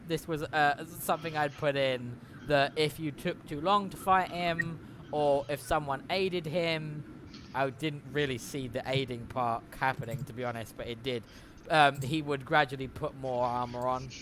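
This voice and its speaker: A man's voice: medium pitch, steady tone, a little slow, fairly bright tone. A man narrating as game master in a tabletop game, talking in a rambling, chatty way and correcting himself often. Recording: noisy recording.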